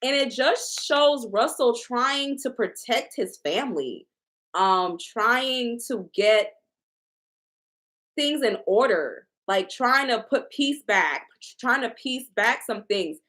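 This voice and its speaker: A woman talks through a tarot reading in a loose, casual way. Her pitch moves around a lot. She leans on repetition and swearing to make her points hit hard. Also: lively intonation, takes it slowly, fairly bright tone. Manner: emphatic, repetitive, profane. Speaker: tarot reader.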